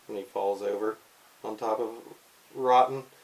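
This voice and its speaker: Playful dad reading a comic aloud. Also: male voice, lowish voice, steady tone, measured pace, poor audio. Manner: playful, slips into goofy character voices. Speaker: father reading a comic book aloud to his daughters. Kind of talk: casual read-aloud with commentary.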